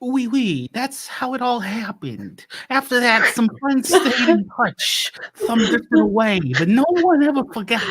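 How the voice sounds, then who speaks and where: A woman's voice: a little high, big pitch swings, measured pace, hardly any pauses, slightly rough, dry recording, pitched above the performer's own voice, exaggerated voice. A woman putting on an exaggerated French accent to narrate a sentimental ending. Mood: wistful. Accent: put-on French.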